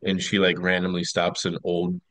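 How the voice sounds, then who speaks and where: A man as a podcast guest, chatting casually, asking curious questions and telling stories in an animated way. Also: low voice, normal speed, no echo. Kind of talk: casual chat.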